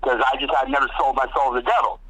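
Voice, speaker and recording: A guest guitarist tells studio stories in a casual interview, animated and swearing freely as he acts out what others said in different voices. His medium-pitched voice races along. The audio quality is poor.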